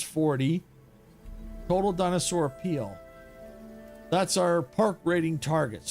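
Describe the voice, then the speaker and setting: A man streaming a video game live, thinking aloud in a casual, excitable way. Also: a little high, vocal fry. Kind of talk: live gameplay commentary.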